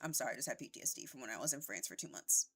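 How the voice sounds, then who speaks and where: A woman's voice: rumbling low, animated, racing, creaky, fairly bright tone, husky, faint music behind. A young woman at home giving casual, rambling gameplay commentary on a headset mic, swearing freely. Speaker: streamer.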